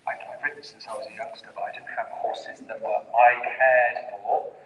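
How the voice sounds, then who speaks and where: A man's voice: medium pitch, flat delivery, normal speed, a bit bright, highs cut off, a little hiss or hum. A man giving a presentation to a workshop group, heard from across the room. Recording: distant, echoey room.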